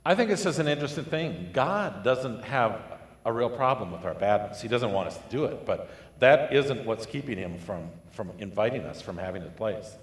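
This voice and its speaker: A man preaching a sermon, telling a parable with lively storytelling and acted-out voices. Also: medium pitch, normal speed. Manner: animated storytelling, acting out voices. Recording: echoey hall with long reverb.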